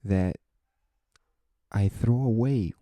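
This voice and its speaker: A man's voice: fairly low pitch, extremely slow, dark tone, dry recording. A young man hosting his own podcast, talking through his thoughts in an earnest, reflective monologue full of rhetorical questions and restarted phrases. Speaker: podcast host.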